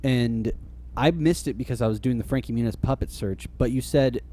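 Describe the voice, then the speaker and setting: A man's voice: medium pitch, brisk, dark tone. A man co-hosting a podcast in easygoing casual chat, often murmuring agreement. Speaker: podcast co-host.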